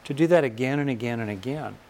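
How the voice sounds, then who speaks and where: An older American man with a gravelly, mid-range voice speaks in a reflective teaching talk. He pauses often, then lifts his voice to stress key ideas. A faint hiss sits under the recording. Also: mid-range voice, a little mellow. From California. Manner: thoughtful, pausing often, rising emphasis on key points.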